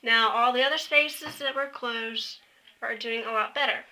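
A woman's voice: fairly high pitch, steady tone, moderate pace, pushed and bright, rough recording. A woman talking to her camera at home, giving a chatty, rambling update full of fillers and self-corrections. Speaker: vlogger. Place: at home, indoors. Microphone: built-in camera mic, close to face.

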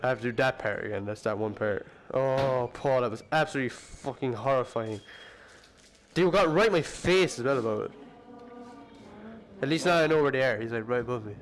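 A man commentating his own VR horror gameplay, jumpy and swearing, often shrieking and yelling at the enemies. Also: medium pitch, brisk. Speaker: gamer playing a VR horror game.

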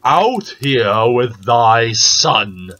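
A man voicing a huge, wrathful old male giant in a storybook reading, slow and booming. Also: big pitch swings, sharp tone, exaggerated voice. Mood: menacing.

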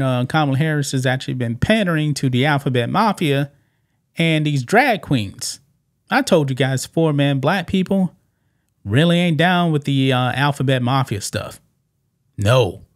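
A man hosting political commentary over clips, emphatic and repetitive, who keeps tossing in "man". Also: medium pitch. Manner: emphatic, repeats points and keeps saying "man". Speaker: commentary channel host.

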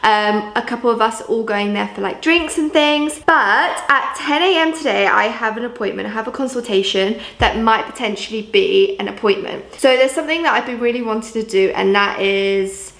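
A woman's voice: on the high side, moderate pace, few pauses, fairly bright tone. A young woman from Jersey, chatting casually to camera in a home vlog, full of "like" and "um" fillers. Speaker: vlogger. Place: at home indoors. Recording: roomy echo.

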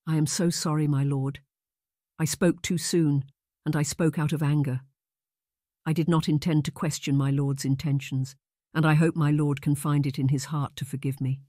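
A man's voice: a little high, little pitch movement, normal speed, dark tone, dry recording, studio quality, lightly acted. A man voicing a young destitute woman training as a governess, speaking politely and deferentially with a slightly shaky voice. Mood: apologetic. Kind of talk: audiobook character voice.

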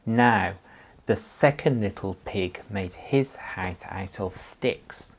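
A man's voice: fairly low pitch, slow. A male primary school teacher leading a story lesson with actions, giving patient, encouraging instructions to young children.

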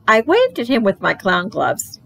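A woman reading a children's book aloud for library storytime, in a playful, animated storytelling manner. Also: mid-range voice, vocal fry, a little hiss or hum, poor audio.

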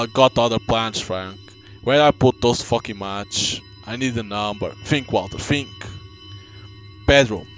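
Man reading Walter, a gruff boozy writer. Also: medium pitch, natural voice, poor audio. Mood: scheming. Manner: reads game dialogue aloud, gruff and cursing. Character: hard-drinking struggling male writer, middle-aged, cornered.

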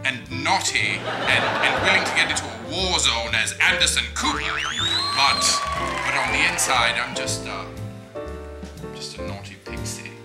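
A man's voice: medium pitch, animated, moderate pace, lightly acted. A man voicing a campy, tipsy male weasel puppet who hosts the show, rambling with giggly asides. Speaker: host. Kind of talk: comic puppet monologue. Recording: roomy echo with music behind.

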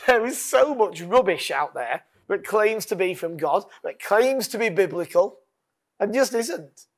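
A man preaching a sermon as pastor, earnest, leading call-and-response lines and dropping to a hush. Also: sits high, expressive, a little slow.

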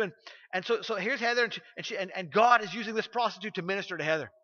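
In a church sanctuary, a middle-aged male pastor tells stories from the pulpit in a high, very fast, bright and forceful voice. He drives each point home by emphatically repeating phrases. The audio is dull and carries a long hall reverb.

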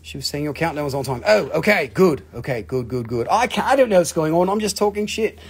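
High-ish husky guy, half aussie half northern english accent, rambly and sweary selling rocks on a live stream. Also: fast. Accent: mixed Australian and Northern English. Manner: excitable, swears freely, rambling. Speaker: live-stream crystal seller. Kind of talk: casual live sales stream.

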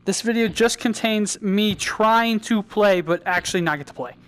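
A woman hosting her own gaming channel, chatting and joking through a VR game and breaking into loud yells. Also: moderate pace, clear, resonant tone. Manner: chatty, jokey, bursts into high yelling. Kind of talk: casual gameplay commentary.

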